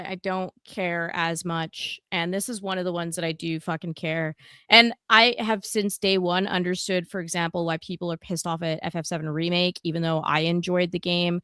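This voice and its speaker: Woman, podcast co-host, blunt and heated, low-ish smooth voice, dry mic. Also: bright, forceful tone, dry recording. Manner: blunt, heated, swears a lot. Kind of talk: casual gaming podcast chat.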